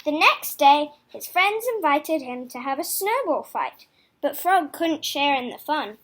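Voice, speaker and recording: Slow, animated woman reading a picture book. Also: high-pitched. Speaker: storybook reader. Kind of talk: children's picture-book read-aloud.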